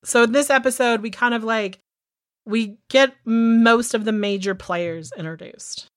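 A woman in her thirties co-hosting a podcast, recapping in casual chat and swearing freely as she gets animated. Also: a little high, measured pace, no echo, clean studio sound. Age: 30s. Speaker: podcast co-host.

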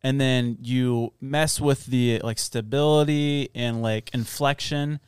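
A man's voice: medium pitch, fairly even intonation, slow, a little mellow, smooth, dry recording, studio quality. A man from Florida hosting a casual podcast, rambling with lots of fillers while telling stories. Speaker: podcast host. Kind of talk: casual chat.

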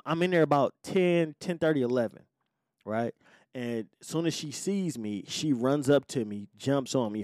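A man's voice: medium pitch, darkish tone, no room sound, clean studio sound. A man hosting a podcast, telling a personal story in casual talk, heavy on profanity and acting out what people said. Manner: profane, acts out quoted lines. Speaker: podcast host.

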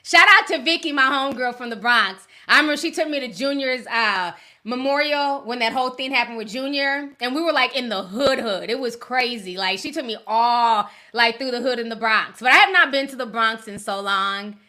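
A middle-aged woman chats casually on her livestream, slangy and quick to laugh. Her voice sits high and rings bright. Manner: chatty, laughs often, slangy. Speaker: livestream host. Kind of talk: casual livestream chat with viewers. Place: home in Minnesota.

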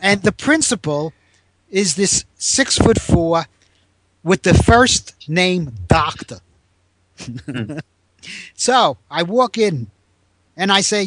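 An older man in his seventies tells a story from his teaching years with animated energy, raising his voice to play the people he quotes. His voice sits a bit high for a man, and the sound is dry and close. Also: extremely slow, pauses often, dry recording. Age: 70s. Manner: animated, raises pitch to act out quoted people. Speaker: guest, former teacher. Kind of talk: storytelling in a conversation.

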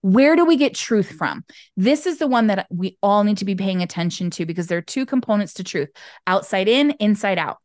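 A middle-aged woman guest on a podcast, telling a story casually and with animation, jumping up in pitch to act out childhood voices. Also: animated, brisk, a little mellow, no echo, studio quality. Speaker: podcast guest, business owner.

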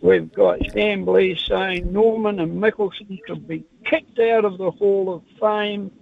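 A New man calls in to talkback radio, and his high voice comes through very gravelly. The phone line makes him sound tinny as he grumbles out a measured opinion. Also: fairly even intonation. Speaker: caller. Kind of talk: phone-in chat.

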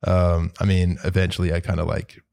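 A man's voice: deep voice, flat delivery, a little fast, vocal fry, darkish tone. A man from New Zealand co-hosting a podcast, telling a rambling story in casual chat, laughing and swearing. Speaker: podcast co-host.

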